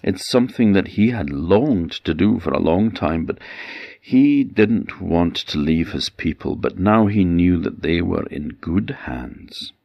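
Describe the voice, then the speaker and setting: An Orkney Scottish storyteller tells an old myth in a gentle cadence that repeats itself. His voice is deep and gravelly, and he takes his time. The sound is close and dry. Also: expressive, measured pace, no echo, dull audio. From Orkney Islands, Scotland. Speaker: traditional storyteller. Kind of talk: oral folktale storytelling.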